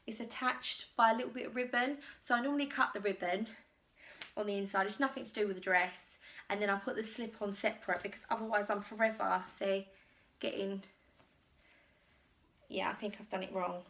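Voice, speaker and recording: Indoors at home, an English-accented woman films a try-on haul of clothes for YouTube, chatting in a loose, rambling way. Her voice is medium-pitched and slightly bright, with fairly even intonation and a somewhat quick pace, and she's self-deprecating and a touch breathless.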